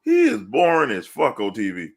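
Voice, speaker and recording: A man co-hosting a sports podcast, casual chat that breaks into loud, laughing, swearing rants. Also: medium pitch, wildly swooping pitch, normal speed, gravelly. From New Orleans area. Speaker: podcast co-host.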